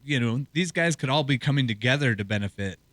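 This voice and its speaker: A man co-hosting a sports talk show as a hockey reporter, talking in a loose, rambling way with a hoarse, scratchy throat. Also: medium pitch, expressive, fast talker, fairly bright tone, no echo. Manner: loose, rambling conversational delivery.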